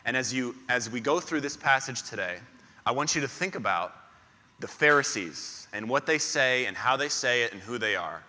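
A man's voice: medium pitch, expressive, moderate pace, pushed and bright, long reverb tail, slight background noise. A man preaching a sermon as pastor, emphatic and repeating key phrases in lists.

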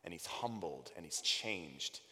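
Deep-voiced preacher in a reverberant hall. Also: male voice, expressive, a little slow. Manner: emphatic, swings from loud to hushed quotes. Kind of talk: sermon. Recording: long reverb of a large hall.

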